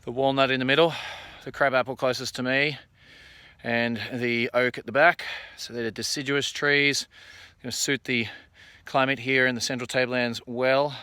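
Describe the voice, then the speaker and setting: A man talks his viewers through his outdoor work in an easygoing, chatty vlog style. His voice is smooth and clear, recorded dry and close, and sits at an ordinary middle pitch. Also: moderate pace, dry recording. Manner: relaxed, chatty explaining while working outdoors. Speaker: vlogger planting trees. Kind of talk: casual show-and-tell vlog. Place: outdoors on hilly rural land.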